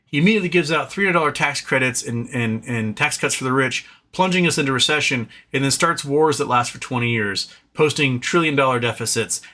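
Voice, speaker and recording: A man's voice: mid-range voice, bright, forceful tone. A man hosting a political livestream, ranting with exasperated sarcasm, swearing and restarting his sentences. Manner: exasperated, sarcastic, swears, mocks opponents with put-on quotes; fillers and repeated restarts.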